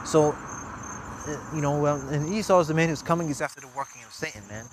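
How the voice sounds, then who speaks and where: A man's voice: a little high, a little hiss or hum, poor audio. Man preaching scripture, tagging lines with "man". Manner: fills every pause with "man", "okay?" and "all right?"; reads verses aloud louder and more formally than his own remarks. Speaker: religious teacher. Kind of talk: informal scripture teaching. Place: outdoors at a camp.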